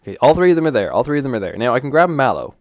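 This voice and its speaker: A young man giving casual, animated commentary as he plays a card game on his channel, swearing and mocking himself. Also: mid-range voice, very fast, no room sound, studio quality. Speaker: gaming YouTuber.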